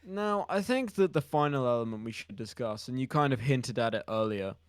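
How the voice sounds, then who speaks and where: A young man co-hosting a comedy podcast, rambling through a deadpan mock-serious conspiracy bit. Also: mid-range voice, a little fast, dry recording, studio quality. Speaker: podcast co-host.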